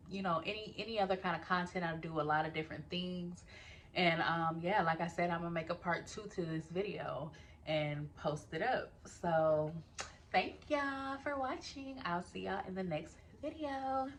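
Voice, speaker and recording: A young woman telling a personal story in a casual vlog, talking straight to her viewers, animated and swearing freely. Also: fairly low pitch, a little hiss or hum.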